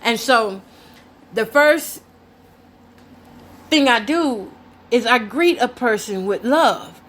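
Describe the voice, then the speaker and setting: High-voiced chatty woman storytelling. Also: slow. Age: middle-aged. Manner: candid, chatty, addresses viewers directly; lively, laughs between lines. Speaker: host. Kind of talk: casual storytelling vlog.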